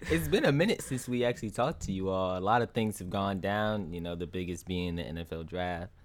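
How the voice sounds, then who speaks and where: Man, fairly low voice, casual sports co-host, colloquial, opinionated. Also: a little fast. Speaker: podcast co-host. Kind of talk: casual sports podcast chat.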